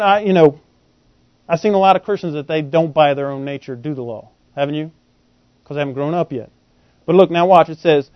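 A male preacher teaching a Bible sermon in an animated way, quizzing his listeners with questions. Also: sits high, dry recording. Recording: dull, lo-fi and dry.

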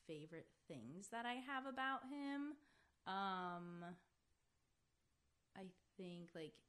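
A young woman, a podcast guest, talking casually and often pausing with "like" and "um". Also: medium pitch, fairly bright tone. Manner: chatty, full of "like" and "um". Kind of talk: casual chat.

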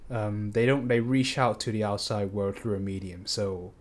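Low-voiced man, hesitant and rambling. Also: flat delivery, normal speed. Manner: hesitant, rambling with many fillers. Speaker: book discussion participant. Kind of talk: casual discussion.

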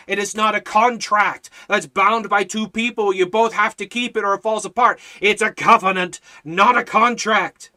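A man teaching a Bible study in a fervent preaching style, repeating phrases in a steady cadence. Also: sits high.

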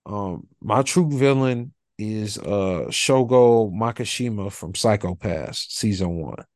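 A man co-hosting a podcast, talking in a relaxed, rambling way with lots of fillers. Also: fairly low pitch, takes it slowly, no echo, clean studio sound. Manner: laid-back, rambling, filler-heavy talk. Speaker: podcast co-host. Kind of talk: casual chat.

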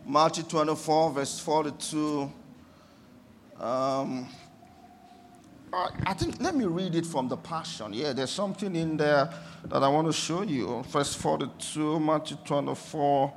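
A man preaching a sermon, swinging between quiet reflection and fervent shouts. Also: fairly high pitch, a little slow, slight background noise.

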